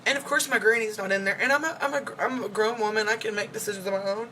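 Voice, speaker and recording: A young vlogger, emotional and upset, rambles through a story full of fillers in a casual check-in video. Her mid-range voice is steady yet bright and forceful, and she talks fast over a slight hiss or hum.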